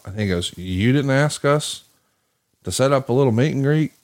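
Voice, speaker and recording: A podcast host speaking at normal speed in a mid-range voice tells a long, profane, animated story during casual conversation. He takes on the voices of those he quotes before easing back into his relaxed delivery.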